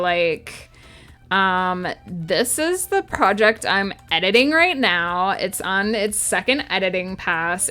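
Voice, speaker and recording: A woman's voice: mid-range voice, pushed and bright. A woman streaming her writing work, chatting casually with viewers and answering their messages. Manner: chatty, reads chat aloud and answers viewers. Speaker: writer streaming her planning. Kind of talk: casual livestream chat with viewers.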